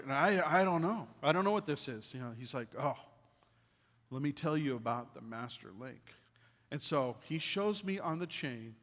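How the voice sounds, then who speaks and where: A man preaching a sermon as a pastor, telling a personal story in an animated way and hushing his voice for quoted lines. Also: fairly high pitch, big-room sound. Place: church sanctuary.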